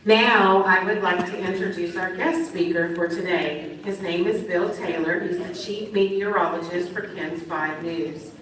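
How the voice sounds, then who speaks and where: Woman reading out a speaker intro at a school event, measured, faint noise behind. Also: fairly low pitch, fairly even intonation, a bit bright. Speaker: ceremony presenter. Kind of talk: formal introduction. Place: school ceremony hall. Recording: echoey hall from far off, faint ambience.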